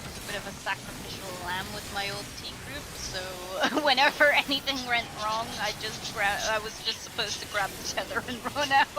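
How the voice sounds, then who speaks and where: A woman in casual gaming voice chat, defending her plays with quick, giggly explanations. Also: mid-range voice, noisy background. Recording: game music underneath.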